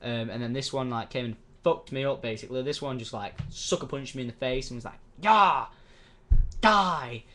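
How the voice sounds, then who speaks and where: A man's voice: mid-range voice, steady tone, fast, few pauses, a little hiss or hum. Young male vlogger, casual, rambling, sweary storyteller who acts out quoted voices. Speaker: YouTuber.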